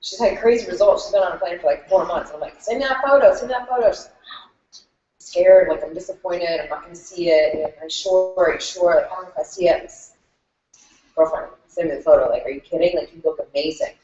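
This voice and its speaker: A fitness coach shares a client story in a group, her low, warm voice fairly quick. She's emotional and near tears, chatty, and says "like" constantly. A distant mic in an echoey room makes the recording dull.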